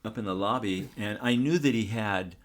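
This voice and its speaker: An older man, a photographer, telling a story in a relaxed, rambling way, full of restarts and fillers. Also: lowish voice, moderate pace. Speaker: photographer, guest.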